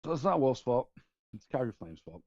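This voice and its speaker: A man's voice: mid-range voice, very animated, a little fast, a little mellow, no echo, muffled recording. A man, a podcast co-host, joking and grumbling in casual sports chat. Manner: joking, grumbling about hockey.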